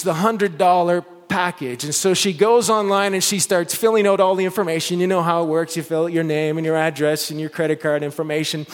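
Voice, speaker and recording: A male pastor preaching a Christmas sermon, telling a story with lively build-ups and slowing into soft, earnest appeals. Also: sits high, long reverb tail.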